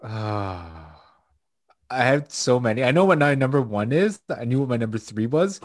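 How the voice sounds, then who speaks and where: A man's voice: mid-range voice, lively intonation, moderate pace, dry recording. A man ranting in casual podcast chat, swearing and getting worked up, from Canada. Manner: profane, gets worked up mid-rant. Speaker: podcast co-host.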